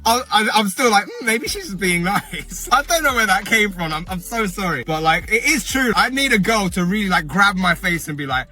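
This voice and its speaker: A man giving casual reaction commentary, animated, worked up and self-mocking. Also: sits high, brisk, hardly any pauses, soft background music.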